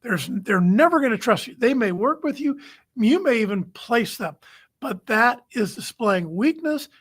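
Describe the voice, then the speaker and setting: A man's voice: very high-pitched, lively intonation, a little slow, fairly bright tone, breathy edge. A man hosting a recruiting show, giving numbered coaching tips straight to the camera in a firm, plain-spoken way. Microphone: camera-facing webcast.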